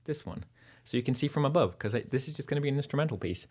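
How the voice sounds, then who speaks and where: A man's voice: mid-range voice, expressive, very fast, darkish tone. Rambling man with a Lancashire accent. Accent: Lancashire English, partly North American. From Burnley, England. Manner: rambling and chatty, with many fillers. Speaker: livestream musician host. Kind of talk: casual chat between songs.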